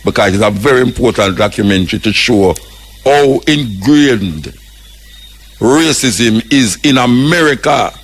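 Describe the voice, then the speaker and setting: Older Jamaican radio host, husky voice, fiery preaching monologue in patois. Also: male voice, mid-range voice, lively intonation, measured pace. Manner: impassioned, preaching, mixes patois with English. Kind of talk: radio talk commentary.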